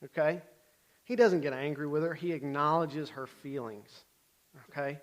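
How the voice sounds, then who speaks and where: Fairly high-voiced man teaching a sermon. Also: normal speed. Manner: conversational, checks in with frequent "okay?"; animated, shifts between loud bursts and quiet asides. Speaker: Bible teacher.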